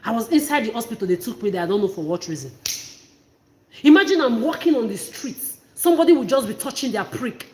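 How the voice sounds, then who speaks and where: A woman's voice: fairly high pitch, animated, fast, darkish tone, slight background noise. A woman talking straight to her viewers in an impassioned, emphatic monologue, often repeating herself. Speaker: vlogger. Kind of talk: emotional personal monologue to camera.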